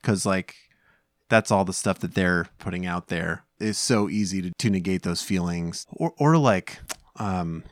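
Clean studio sound without echo captures a deep-voiced man in his thirties speaking a little slowly. He's co-hosting a podcast from home, chatting casually and wandering, with plenty of fillers and restarts.

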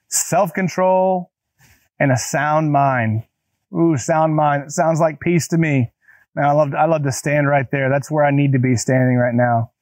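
Guy preaching, laid back but punchy, keeps repeating lines, kinda high voice, dry mic. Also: no room sound. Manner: emphatic, repeats key phrases for effect; casual, talks directly to listeners. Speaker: pastor. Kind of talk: conversational sermon.

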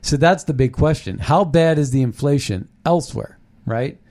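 A man hosting a political commentary show, excited and rambling, with frequent restarts. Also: fairly high pitch, normal speed. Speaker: show host.

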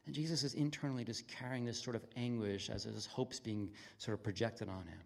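A man preaching a conversational sermon in an earnest, plain-spoken way, his voice dropping from lively emphasis to hushed, intimate tones. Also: medium pitch, brisk, gravelly. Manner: earnest, swings from loud excitement to near-whisper intimacy. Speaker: pastor.

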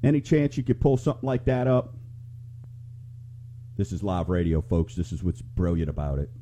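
A man's voice: sits low, fairly even intonation, moderate pace, dark tone, a little hiss or hum. A middle-aged man hosting a live talk radio show, chatting and telling rambling stories to listeners. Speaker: radio show host and mortgage lender.

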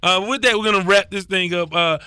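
A man's voice: sits high, fairly quick, pushed and bright, clean tone, no echo, studio quality. A man from Houston hosting a casual sports talk show, asking leading questions in a chatty way. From Houston, Texas. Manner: chatty, leading questions, plain Southern phrasing.

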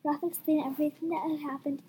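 A young woman reading a story aloud, lively, with a few slips. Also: high-pitched, fast, slight background noise. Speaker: story reader.

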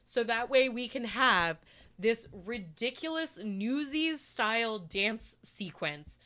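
A woman's voice: a little high, animated, takes it slowly, bright, forceful tone. A woman co-hosting a casual podcast, ranting animatedly about a film, swearing and laughing as she goes. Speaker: podcast co-host. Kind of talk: casual chat, ranting movie review.

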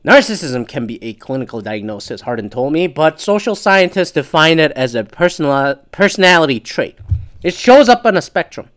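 Podcaster reading an article out loud and cursing at it, voice jumps all over, sarcastic. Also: mid-range voice, big pitch swings, normal speed. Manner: profane, sarcastic asides between read passages. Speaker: podcast host. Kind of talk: casual podcast commentary, reading an article aloud.

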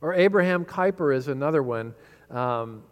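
A man's voice: a little high, animated, moderate pace. A male pastor giving a sermon, often repeating words as he talks and building emphasis on quoted cries. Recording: long reverb in a hall.

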